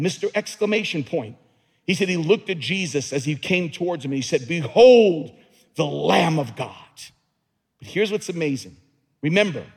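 A man preaching a dramatic sermon as a pastor in a church, building to loud emphatic peaks. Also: on the high side, slightly rough. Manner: dramatic preaching, rising to near-shouts on key words. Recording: long hall reverb.

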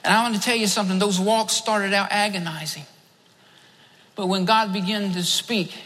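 A fervent male preacher with a bright, forceful voice, pressing his points through repetition. His sermon carries in a large hall, and each phrase trails off into a long echo. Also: high-pitched. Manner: fervent, repeats phrases for emphasis.

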